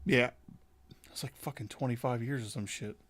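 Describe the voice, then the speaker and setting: A man's voice: mid-range voice, normal speed, a bit bright. A young man hosting a casual college football podcast, going through coaching moves with many fillers and some swearing. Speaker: podcast host. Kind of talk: casual chat.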